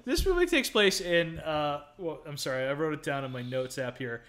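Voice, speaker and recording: A man co-hosting a casual film review podcast, animated and quick to laugh, with jokey asides. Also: a little high. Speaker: podcast co-host.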